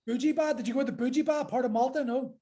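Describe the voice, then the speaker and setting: An Irish man tells rowdy stories on a podcast, animated, laughing easily, swearing often. His voice sits high for a man. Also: fast. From Ireland. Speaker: podcast guest, MMA fighter. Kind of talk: casual storytelling.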